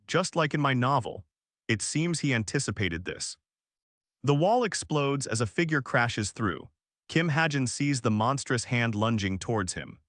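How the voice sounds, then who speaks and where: A man reads a scripted story recap at a middle pitch, his voice rising and falling in a lively way. He tells the action step by step and drops dramatic questions along the way. The sound is dry and close, with no room around it. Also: dry recording. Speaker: recap narrator. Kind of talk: scripted narration.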